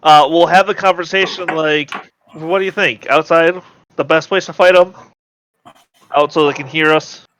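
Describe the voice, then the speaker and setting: A man's voice: on the high side, fairly even intonation, normal speed, fairly bright tone, clear, resonant tone, low-quality recording. A man playing a tabletop game, planning moves aloud in casual chat, with hesitant fillers. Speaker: player.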